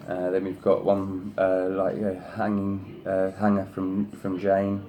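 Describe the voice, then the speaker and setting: A man's voice: monotone, slow, warm tone, a little hiss or hum. A man hosting a craft video, showing design samples in a casual, rambling way and praising each one at length. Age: adult, sister past thirty. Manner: effusive, rambling with many "you know"s; coaxes his pet in a higher voice. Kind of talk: casual show-and-tell.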